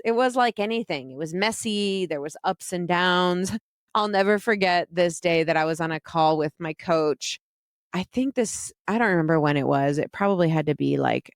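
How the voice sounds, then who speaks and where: Frank, self-mocking woman vlogger with a lowish voice and a dry, close sound. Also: clean tone, no room sound. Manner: frank, self-mocking, laughs often, casual swearing. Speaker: vlogger telling a personal story. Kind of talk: candid personal storytelling.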